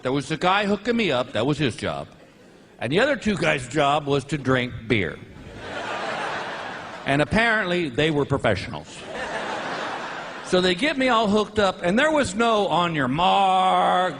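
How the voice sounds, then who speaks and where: A middle-aged man doing a stand-up comedy set, telling stories with loud whooping outbursts. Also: sits high. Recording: live show with audience noise.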